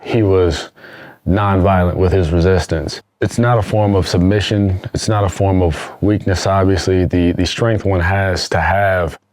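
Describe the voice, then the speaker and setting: A man's voice: low-pitched, steady tone, measured pace, darkish tone. A man chatting casually as a guest actor, laid-back and reflective, with easy slang. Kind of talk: casual chat.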